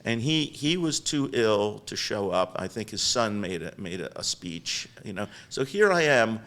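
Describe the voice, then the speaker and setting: Older male guest, chatty storyteller, mid-pitched, animated and rambling, podcast interview. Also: unhurried. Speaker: guest business founder. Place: podcast studio.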